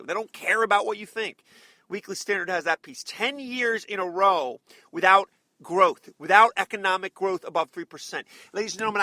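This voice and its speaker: A man's voice: sits high, sharp tone, dry recording. A man hosting a political talk show, delivering combative, sarcastic commentary with heavy emphasis. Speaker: radio talk show host.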